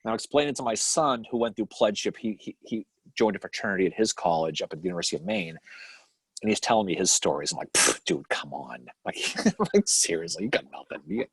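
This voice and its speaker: A man's voice: lowish voice, lively intonation, fast, husky, no room sound. Rambling middle-aged man with a Boston accent. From Boston area. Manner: rambling, swears freely, laughs often. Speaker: podcast co-host. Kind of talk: casual live-stream chat.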